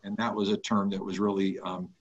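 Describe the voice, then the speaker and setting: A man with a low voice gives a thoughtful, hesitant summary on a video call. The lo-fi call audio sounds dull and muffled. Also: flat delivery, fairly quick.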